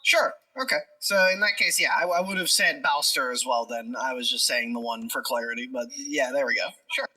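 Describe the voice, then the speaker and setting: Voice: mid-range voice, fairly quick, few pauses, pushed and bright, recorded from a distance, poor audio. A tabletop game player who thinks aloud and explains tactics at length. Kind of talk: tabletop role-play chat.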